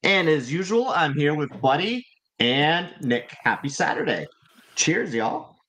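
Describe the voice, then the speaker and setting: Male host, high and bright, upbeat welcomes. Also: big pitch swings, measured pace. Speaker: podcast host. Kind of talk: casual podcast hosting.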